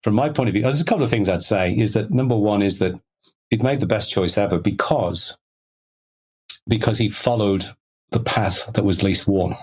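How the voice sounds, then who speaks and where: A man's voice: on the low side, moderate pace, darkish tone, husky. A middle-aged man, a guest telling stories in a rambling way, full of "you know" fillers. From Liverpool, England. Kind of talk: conversational storytelling.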